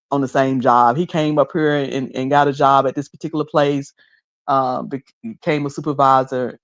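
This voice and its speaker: Chatty Southern woman streamer, laughing easily. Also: deep voice. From the Carolinas. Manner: chatty, laughs often, teasing mimicry. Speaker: live streamer. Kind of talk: casual chat with live chat readers.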